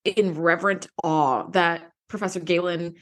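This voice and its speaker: A woman co-hosting a casual podcast, recapping an episode in an animated way, laughing often and acting out characters' lines. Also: on the low side, a little slow. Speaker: podcast co-host.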